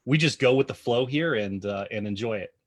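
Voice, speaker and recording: Relaxed, easygoing male host. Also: mid-range voice, no room sound. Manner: relaxed, halting, lots of fillers and shout-outs. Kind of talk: casual livestream interview.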